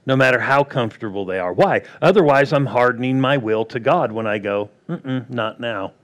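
A male pastor with a medium-pitched voice and lively intonation preaches a sermon fairly quickly in a plain, conversational style. He poses rhetorical questions to the crowd and acts out what people and God might say.

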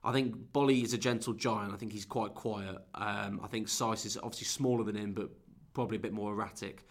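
Low voiced guy on a footy podcast, rambly, laid back, lots of mate. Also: fairly even intonation, a little fast. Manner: easygoing, rambling, many restarts, calls people mate. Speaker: podcast co-host and football fan. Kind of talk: casual football podcast chat.

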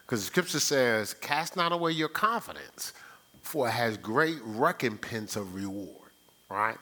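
Lively bright-voiced man preaching. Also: mid-range voice, measured pace. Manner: lively, playful, teasing the congregation. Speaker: pastor. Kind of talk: sermon.

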